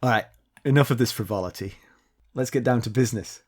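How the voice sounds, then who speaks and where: A man's voice: mid-range voice, fast talker, husky. A man co-hosting a podcast, chatting casually and playfully explaining odd words before summarizing a chapter. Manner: animated storyteller, playful and professorial. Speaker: podcast co-host.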